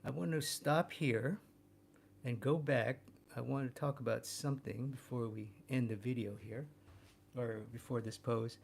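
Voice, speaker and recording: A man with a gravelly edge to his voice talks through a drawing demonstration as he works. He thinks aloud and often repeats words while the pencil moves. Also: medium pitch, fairly even intonation, unhurried, a little hiss or hum. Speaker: drawing instructor.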